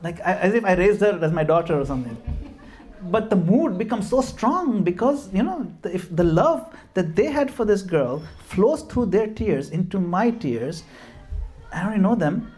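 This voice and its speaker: Faint music plays behind a middle-aged Gujarati man from India speaking at a devotional home program. His voice sits high and is a little mellow, animated at a moderate pace. In his informal talk he tells stories, laughs at himself and mixes in Hindi and Sanskrit verses.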